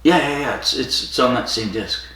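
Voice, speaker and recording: A man's voice: mid-range voice, animated, normal speed, sharp tone. A man co-hosting a podcast, casually retelling a story with fillers and quoted lines. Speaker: podcast co-host. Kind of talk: casual chat. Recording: echoey room from far off.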